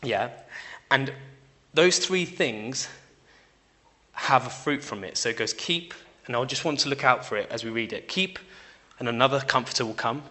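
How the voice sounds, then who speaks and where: A young man giving an informal sermon in a conversational way, often checking in with listeners by asking "yeah?" and swinging between loud emphasis and quiet asides. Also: medium pitch, moderate pace. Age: young adult. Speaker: preacher.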